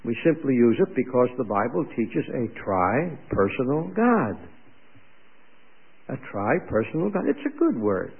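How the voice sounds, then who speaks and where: Man, preacher, conversational sermon, asks the congregation questions, raspy voice, tinny radio sound. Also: medium pitch, big pitch swings, measured pace.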